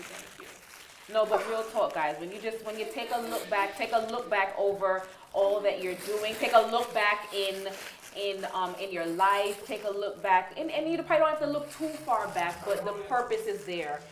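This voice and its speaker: A woman's voice: medium pitch, normal speed, roomy sound, slight background noise. A woman hosting a faith-based talk show, giving enthusiastic, preachy encouragement. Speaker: host.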